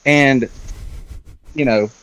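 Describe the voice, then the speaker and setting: A man's voice: mid-range voice, drawn-out words, smooth, no room sound. A man in a casual round-table talk, loosely retelling a film plot with lots of fillers and swearing. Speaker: round-table discussion guest.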